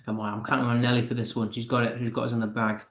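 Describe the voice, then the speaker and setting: A man's voice: medium pitch, level tone, a bit bright. British man teaching in an echoey room. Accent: British English. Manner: encouraging, reads verse slowly with stress. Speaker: English teacher. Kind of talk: live online lesson.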